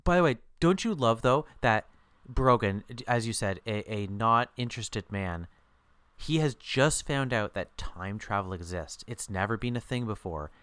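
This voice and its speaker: Podcast co-host, male, lively chat, acts out quotes, dry booth sound. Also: on the low side, normal speed, smooth, no room sound. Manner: animated, acts out quotes in jumping voices. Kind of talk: casual chat.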